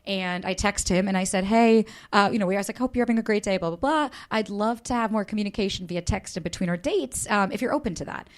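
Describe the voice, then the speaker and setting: Woman, 30s, dating coach guest. Lively, candid storyteller who swears freely and acts out her quotes. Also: mid-range voice, fast, hardly any pauses. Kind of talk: candid podcast interview.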